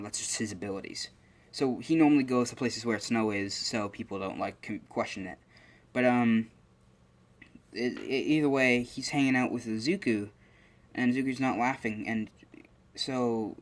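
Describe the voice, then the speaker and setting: A young man casually making up and telling a fan-fiction story, rambling with lots of fillers and restarts. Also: medium pitch.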